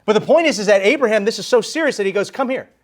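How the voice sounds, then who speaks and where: Guy preaching in church, emphatic, voice swoops up high a lot. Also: rapid-fire. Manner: animated and emphatic, stressing key phrases. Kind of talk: sermon. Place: church sanctuary.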